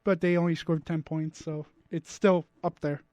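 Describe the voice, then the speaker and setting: A man's voice: a little high, flat delivery, normal speed, a little mellow, no room sound. A man co-hosting a radio sports show, casually explaining game facts at length. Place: radio studio.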